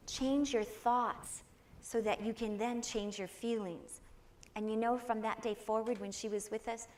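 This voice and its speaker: A woman's voice: a little high, slight background noise. Older woman telling personal stories. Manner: personal storytelling, warm and earnest, with quoted voices. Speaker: guest speaker. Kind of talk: inspirational talk to a congregation.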